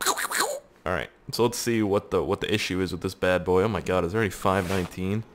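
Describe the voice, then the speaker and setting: A young Canadian man casually commentating his gameplay, swearing a lot, excitable, and talking straight to his viewers, just woken up. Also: low-pitched, brisk, a little hiss or hum. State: just woke up. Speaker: gaming video host.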